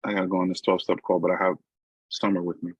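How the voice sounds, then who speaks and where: A man's voice: sits low, little pitch movement, rapid-fire, breathy edge, dry recording, dull audio. A middle-aged man from New York with a New York accent, giving a personal recovery talk in a conversational storytelling way with frequent asides to listeners. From New York, USA. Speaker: recovery meeting speaker.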